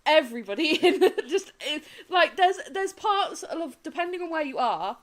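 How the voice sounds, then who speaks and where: A woman's voice: sits high, animated, moderate pace, fairly bright tone. A woman with a Somerset accent, worn out after a long day, chatting casually on a gaming stream and laughing often mid-sentence. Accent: Somerset English.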